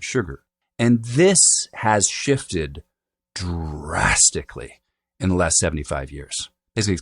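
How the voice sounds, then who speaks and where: A man's voice: low voice, no echo. A middle-aged man, a dialect coach, explaining accents in an interview, demonstrating vowel sounds and checking in with "right?" as he goes.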